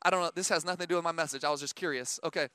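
A man's voice: fairly high pitch, steady tone, very fast, sharp tone, clean tone, dry recording, studio quality. A man, a pastor, preaching a sermon in church, talking to the congregation in a conversational way and building to emphatic calls.

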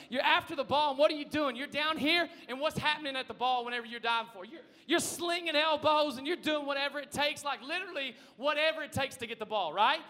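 A man with a very high, sharp, forceful voice preaches to his congregation in a big church. He keeps it conversational, throws questions at the room and often rises to a shout. The sound rings with a long hall reverb. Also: fast, few pauses. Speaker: pastor. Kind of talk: energetic sermon. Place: church sanctuary.

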